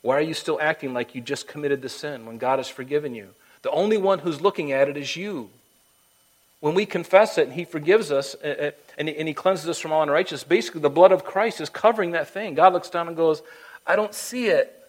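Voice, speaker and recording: A man preaching a sermon and then leading a prayer. His delivery is emphatic, swinging between loud urging and quiet, hushed lines, and he sometimes slips into a high falsetto to act out voices. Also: fast, low-quality recording. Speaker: pastor.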